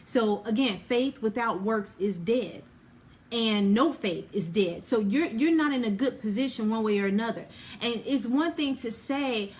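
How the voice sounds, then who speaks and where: A woman's voice: on the high side, normal speed, slight background noise. A woman giving an informal Bible lesson in a chatty, everyday way, full of "you know" and "like", acting out little scenes. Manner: acts out everyday scenes with quoted dialogue. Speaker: Bible teacher.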